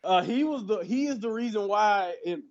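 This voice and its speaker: Brief: American male podcast co-host, rambling and animated, slightly high voice, lo-fi sound. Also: moderate pace. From United States. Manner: animated, rambling with many restarts. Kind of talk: casual chat.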